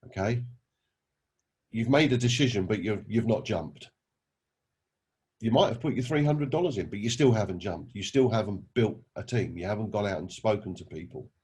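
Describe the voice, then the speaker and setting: A man's voice: fairly low pitch, moderate pace, a little mellow, husky. A man giving a motivational talk, telling anecdotes and asking his listeners rhetorical questions. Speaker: network marketing recruiter.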